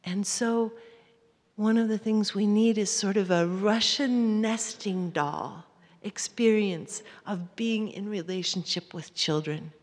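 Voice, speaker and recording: Breathy woman speaker in a hall. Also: medium pitch. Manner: gentle, often drops to a soft near-whisper. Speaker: workshop speaker. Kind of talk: live talk to an audience. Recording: hall reverb.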